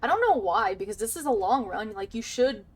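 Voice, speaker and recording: A woman's voice: fairly high pitch, very animated, fairly quick. A woman streaming a game, chatting casually, swearing often and counting under her breath. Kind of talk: casual gaming chat.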